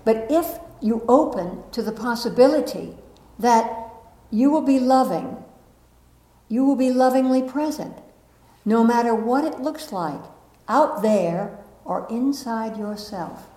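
Woman teacher doing a soft spiritual talk to a room of people, kinda high voice, chuckles a lot, asks "you understand?", echoey. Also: takes it slowly. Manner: gentle and reflective, laughs often at herself; checks in with the audience by asking questions. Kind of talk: spiritual talk to a live audience. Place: room with a live audience.

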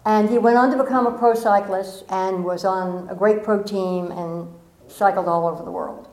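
A woman's voice: mid-range voice, moderate pace. A woman giving an inspirational talk to a live audience, telling stories with playful asides. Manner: storytelling, animated, playful asides. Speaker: motivational speaker. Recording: echoey room.

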